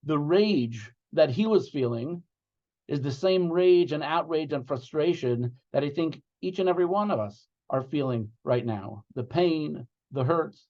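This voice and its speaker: A rabbi speaking over a video call to a prayer gathering, earnest and heartfelt, leading the group into reciting psalms. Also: male voice, on the high side, lively intonation, measured pace, darkish tone. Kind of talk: addressing an online gathering, then reciting psalms. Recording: muffled video call audio.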